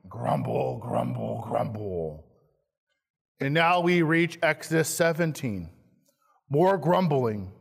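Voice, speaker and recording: A man, a pastor, preaching a sermon slowly and emphatically, acting out quoted lines with dramatic stress. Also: sits high. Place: church sanctuary. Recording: long hall reverb, church sanctuary.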